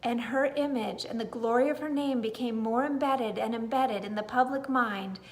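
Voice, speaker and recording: A woman reading a bedtime story aloud in a gentle, expressive way. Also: on the high side, normal speed. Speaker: storybook reader.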